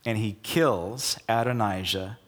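A middle-aged male pastor preaching a sermon, telling the story in a lively, casual way and acting out the quotes. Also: lowish voice, slow.

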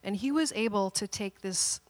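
A woman pastor in her thirties telling a family story during a sermon, animated and dramatic, with playful asides. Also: mid-range voice, normal speed, big-room sound.

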